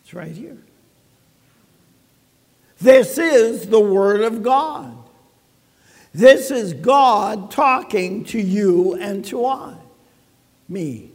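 A man's voice: sits high, animated, drawn-out words, pauses often, long reverb tail. A man preaching a sermon as pastor, speaking conversationally and dropping quips and asides to the congregation.

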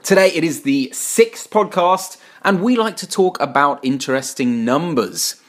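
A man co-hosting a podcast in relaxed, casual chat. He talks playfully, sets up his jokes and teases his co-host with them. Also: a little high, measured pace. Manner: playful, teasing, builds up jokes.

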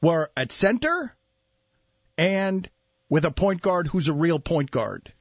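A man hosting a sports talk radio show, talking in an animated way with laughs and mock outrage. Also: on the high side, slow, husky, dry recording, lo-fi sound. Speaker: host.

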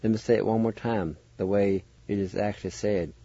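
A man teaching word spellings and pronunciation on a radio show, spelling letter by letter in a slow, patient way. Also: fairly low pitch, fairly even intonation, warm tone, breathy edge, no echo, muffled recording. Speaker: language teacher and radio host.

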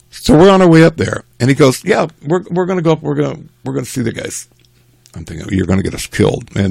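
An older man casually telling a rambling family story, animated and chuckling as he goes. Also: fairly high pitch, vocal fry, no room sound.

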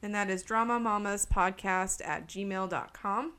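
A woman's voice: medium pitch, fairly even intonation, a little slow, fairly bright tone, clear, resonant tone. A woman co-hosting a podcast in a casual, chatty way, often laughing and emphatic. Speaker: podcast co-host. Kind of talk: casual chat.

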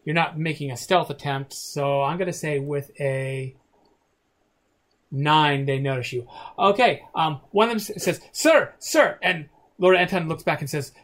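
A man's voice: on the high side, normal speed, a bit bright. A man narrating a tabletop game as game master, rambling with many restarts.

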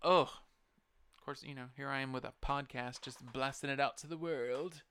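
A man's voice: medium pitch, steady tone, normal speed, a bit bright, clear, resonant tone, no echo. A man hosting a podcast, ranting in a casual, profane, rambling and emphatic way into a close microphone. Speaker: podcast host. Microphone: close podcast mic.

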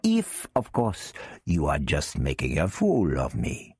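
Guy putting on a slow silky captor voice, polite but menacing, low and husky. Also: wildly swooping pitch, a little mellow, no echo, studio quality, full character voice.

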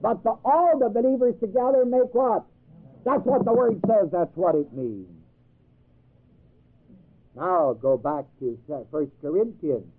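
A man's voice: sits high, unhurried, pauses often, breathy edge. A man teaching a Bible class in a sermon style, emphatic, quizzing his listeners with questions. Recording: tinny phone-like old tape.

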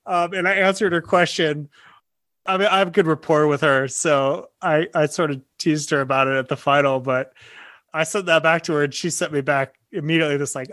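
A man chats about his students with a bright, fairly high voice. He tells stories animatedly, breaking into laughter and replaying his own reactions. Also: brisk. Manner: animated storytelling, laughs often, restarts. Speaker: podcast co-host, college teacher. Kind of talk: casual chat.

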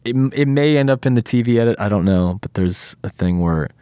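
A man's voice: lowish voice, fairly quick, smooth, dry recording, studio quality. A man talking casually in an interview as an actor, telling stories animatedly with lots of fillers and some swearing. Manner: animated storytelling, many fillers, swears freely.

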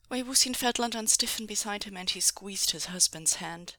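A woman's voice: mid-range voice, normal speed, few pauses, sharp tone, dry recording. A woman reading a story aloud, with casual, laughing asides, at home. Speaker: podfic reader. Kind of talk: audiobook narration of fan fiction. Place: quiet home.

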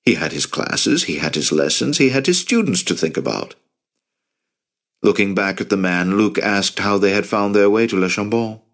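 A man narrating a novel as an audiobook in a steady storytelling manner. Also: on the low side, normal speed. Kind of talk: scripted narration.

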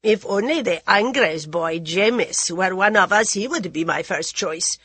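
A woman reading an audiobook, voicing a bold, teasing old palace concubine with slow, emphatic phrasing. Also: mid-range voice, expressive, fairly bright tone, slightly rough, no room sound. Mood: sly.

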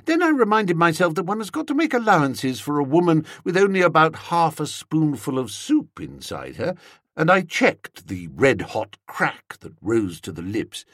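Brief: male audiobook narrator, wry comic delivery, husky, very lively pitch. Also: moderate pace, dry recording, studio quality. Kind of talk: first-person comic novel narration.

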